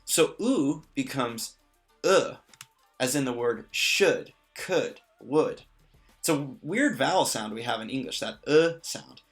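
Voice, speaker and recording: A man's voice: mid-range voice, expressive, measured pace, a bit bright, faint music behind. A man explaining pronunciation in a casual lesson, patient and lightly joking. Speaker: language teacher.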